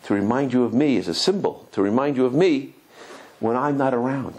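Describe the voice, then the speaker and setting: A man's voice: mid-range voice, brisk, darkish tone, pitched below the performer's own voice, close to an everyday voice. A man voicing an anxious, fussy young groom who talks in a frantic, insistent way over the phone. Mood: indignant.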